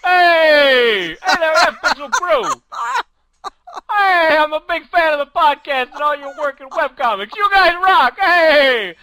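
A man playing a loud, brash taxi driver, shouting out his lines. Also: very high voice, lively intonation, a little slow, a little hiss or hum, voice pushed up, heavily acted.

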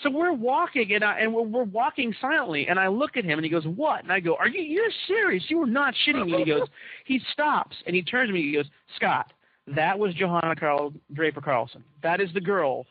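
A man's voice: high-pitched, animated, fairly quick, slightly rough, dry recording. A man telling a long anecdote to his co-hosts in a casual chat, acting out the quoted dialogue with animation. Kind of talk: casual storytelling among co-hosts. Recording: dull lo-fi dry recording.

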